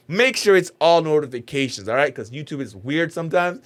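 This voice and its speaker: A man talking casually as a YouTuber in a reaction vlog, rambling and animated, with many "like"s. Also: on the high side, a little fast, hardly any pauses. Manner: rambling, animated, heavy use of "like".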